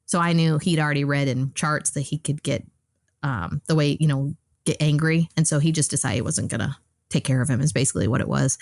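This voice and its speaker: A woman with a notably low voice recounts a personal story in a loose, conversational way, stopping and restarting her sentences and filling gaps with ums and you-knows. The sound is close and dry, with no room echo. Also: fairly quick, vocal fry, a little mellow. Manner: rambling, retells dialogue, many fillers and restarts. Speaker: podcast guest.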